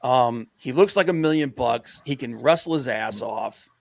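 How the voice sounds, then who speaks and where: Gravelly rambling podcast host. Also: male voice, mid-range voice, normal speed, no echo. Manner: rambling, many fillers, gets excited and rants. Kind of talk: casual wrestling podcast chat.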